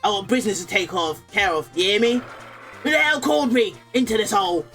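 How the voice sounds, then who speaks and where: A woman's voice: mid-range voice, fairly quick, a bit bright, faint music behind, lightly acted. A woman playing a brash thuggish loan shark. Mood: menacing. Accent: Brooklyn attempt, sounds Australian. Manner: gruff, threatening street slang. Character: brash hot-headed male loan shark thug. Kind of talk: reading game dialogue aloud.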